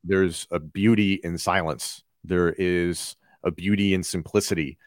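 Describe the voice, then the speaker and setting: A man, a wrestling broadcaster, talking in a casual podcast conversation, telling stories in a reflective, measured way. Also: sits low, fairly even intonation, no echo, clean studio sound.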